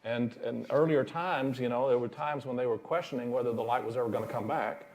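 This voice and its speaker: A man's voice: medium pitch, steady tone, a little fast, a little mellow, a little hiss or hum. A male minister giving a sermon in a folksy storytelling manner, chuckling at his own jokes.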